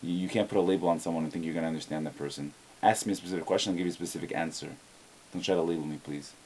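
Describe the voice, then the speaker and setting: A man's voice: deep voice, fairly even intonation, very fast, darkish tone, a little hiss or hum. A man giving a blunt, opinionated video reply to a viewer, often repeating words as he starts a sentence. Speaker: video blogger answering a viewer. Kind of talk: casual spoken video reply.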